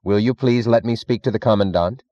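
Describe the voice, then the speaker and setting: A man's voice: lowish voice, fairly quick, mellow, no room sound, lo-fi sound, voice pushed up, natural voice. A man voicing an arrogant, contemptuous elderly male scientist who gives imperious, clipped commands.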